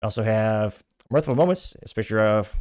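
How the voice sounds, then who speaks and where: A man's voice: on the low side, brisk, a little mellow, dry recording. Sardonic man from Texas reading posts. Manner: sardonic, dry asides. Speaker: political commentary host. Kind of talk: reading and commenting on social media posts.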